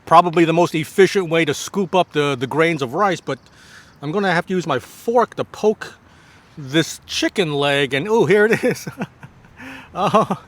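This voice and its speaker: Male food vlogger, slightly high-pitched, effusive tasting reactions, halting casual delivery. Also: expressive, fairly bright tone. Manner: effusive, many drawn-out exclamations while tasting; halting restarts between bites. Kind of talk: casual food review to camera.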